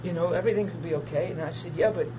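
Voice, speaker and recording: A middle-aged man preaching a sermon built on personal testimony, animated, acting out the people in his stories and laughing easily. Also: a little high, very fast. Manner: animated storyteller, acts out dialogue, laughs easily. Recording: dull lo-fi archive recording with steady noise.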